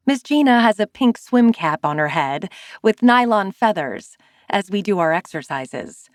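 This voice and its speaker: A young woman reads a first-person romance audiobook in an expressive way, her pitch at a middle height but lively and swinging. She is recorded close and dry, with no room sound. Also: unhurried, dry recording. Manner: expressive, with high gasps in dialogue. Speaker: audiobook narrator.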